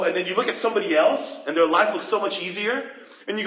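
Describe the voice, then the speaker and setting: A man preaching a sermon as pastor, expressive and acting out voices and questions. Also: high-pitched, quick pace. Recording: roomy echo.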